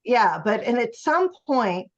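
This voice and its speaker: Speaking slowly in a conversational interview, a woman author explains things emphatically and acts out other people's voices. Her pitch is fairly high with lively intonation, and the lo-fi audio sounds slightly muffled.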